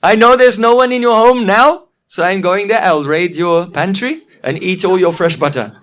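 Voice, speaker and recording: A man's voice: sits high, normal speed, fairly bright tone. A man voicing a mischievous old female monkey who mimics others in a sing-song, giggling way, in a storytelling lesson. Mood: mocking.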